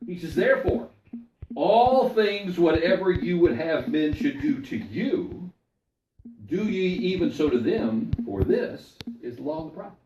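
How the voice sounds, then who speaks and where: A man's voice: a little high, expressive, a little slow, a little mellow, reverberant, slight background noise. Man preaching from far off. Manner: storytelling, asks the congregation questions. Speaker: pastor. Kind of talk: sermon.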